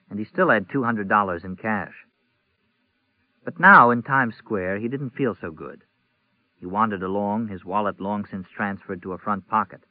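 A man narrating a novel in an even, measured reading. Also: fairly low pitch, no room sound. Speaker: audiobook narrator. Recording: tinny phone-like audio, dry.

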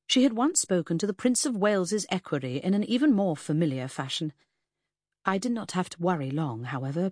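A woman reading a first-person audiobook in an expressive, lively storytelling manner, voicing the characters. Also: on the low side, fairly quick, no echo, studio quality. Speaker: audiobook narrator.

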